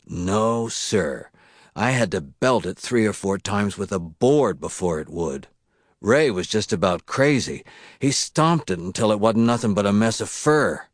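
A blunt, coarse-talking mill worker, as a man reads him, recounts things in folksy slang. The voice is low. The recording is dry and close. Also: dry recording.

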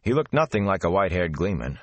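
A man narrating a fantasy audiobook in a steady, measured storytelling manner. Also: deep voice, no room sound.

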